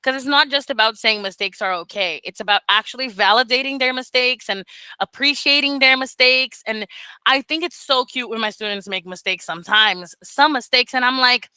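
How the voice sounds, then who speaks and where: Woman mentor, animated, casual, a little high, dry sound. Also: smooth, dry recording, poor audio. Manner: animated, laughs often, swears casually. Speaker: mentor for beginner English teachers. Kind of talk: casual teaching talk on a video call.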